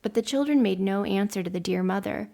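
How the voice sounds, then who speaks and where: Gravelly woman reading a story aloud. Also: medium pitch, mellow. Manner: measured storytelling. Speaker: podcast host.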